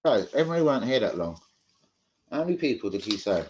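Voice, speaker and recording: A man's voice: medium pitch, big pitch swings, fast, darkish tone, a little hiss or hum. A man hosting a live stream, debating football bluntly, swearing freely and arguing with his chat.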